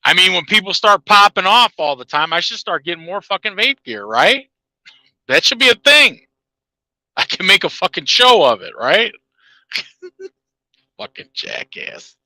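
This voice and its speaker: A man's voice: high voice, big pitch swings, moderate pace, sharp tone, no room sound, poor audio. A man ranting in a heated, profane monologue to his viewers, laughing at his own jabs. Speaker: channel host.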